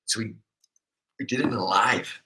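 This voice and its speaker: A man co-hosting a casual livestream from an apartment, relaxed and laid-back while drinking beer. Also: fairly low pitch, moderate pace. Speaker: livestream co-host. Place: indoor rental apartment.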